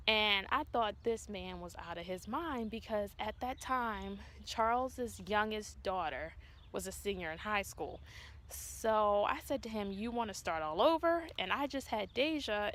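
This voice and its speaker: A woman vlogger and mother of twins casually tells her viewers a personal story, acting out what people said in an animated retelling. Her voice is medium-pitched, and the recording quality is low.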